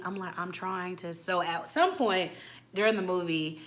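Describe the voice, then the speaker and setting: A young woman in her twenties telling a casual, animated storytime, acting out quotes with slang. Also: fairly low pitch, normal speed. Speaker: storytime vlogger.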